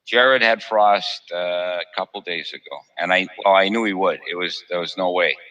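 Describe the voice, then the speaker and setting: A man's voice: sits low, normal speed, pushed and bright, rough recording. A man hosting a live stream, chatting casually over a voice call, joking, laughing often and repeating himself. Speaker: host of a live observatory stream.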